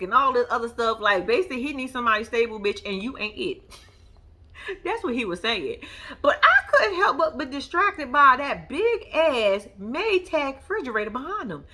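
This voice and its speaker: Woman vlogger, reality TV recaps, blunt and profane, bright and very animated delivery. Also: high voice, moderate pace. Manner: blunt and profane, laughs often; animated, talks straight to viewers. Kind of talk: casual commentary.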